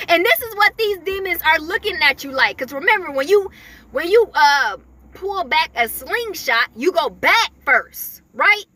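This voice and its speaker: A woman's voice: very high-pitched, animated, unhurried, bright, forceful tone, a little hiss or hum. A woman giving casual spiritual messages in a chatty way, full of fillers, often laughing. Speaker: spiritual messenger.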